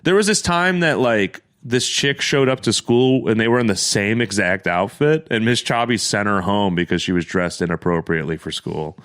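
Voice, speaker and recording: A man's voice: on the low side, moderate pace, hardly any pauses, a bit bright. A young man co-hosting a podcast, telling stories in a casual, profane way and laughing often. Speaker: podcast co-host. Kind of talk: casual chat, storytelling.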